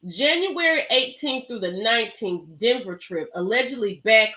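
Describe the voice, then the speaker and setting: A woman hosting a casual live stream, talking straight to her chat in an animated way and often laughing and exclaiming. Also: a little high, moderate pace. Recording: echoey room.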